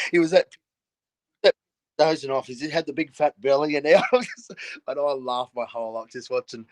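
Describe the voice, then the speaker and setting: A man's voice: medium pitch, dry recording. Laughing Australian man telling old stories. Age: older. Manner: laughs often while telling stories, blokey and frank. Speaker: guest, former rugby league player. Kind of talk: casual storytelling chat.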